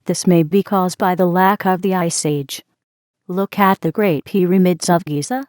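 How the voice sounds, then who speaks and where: A woman's voice: fairly low pitch, fairly even intonation, moderate pace, darkish tone, no echo, studio quality, natural voice. A woman reading as a lecturing woman stranger. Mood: explaining. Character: talkative woman at a neighboring table.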